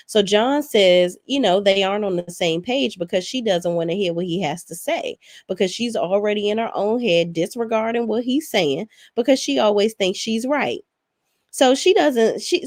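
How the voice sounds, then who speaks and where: A woman's voice: medium pitch, expressive, moderate pace, darkish tone, no room sound, studio quality. Sassy, blunt woman recapping reality TV. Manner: sassy, profane, blunt opinions. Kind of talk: casual recap commentary.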